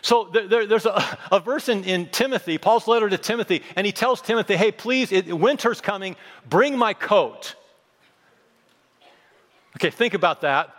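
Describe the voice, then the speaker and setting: A man's voice: sits high, normal speed, fairly bright tone, big-room sound. A man in his fifties preaching a sermon, emphatic, repeating phrases and throwing in humorous asides. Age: 50s. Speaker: pastor.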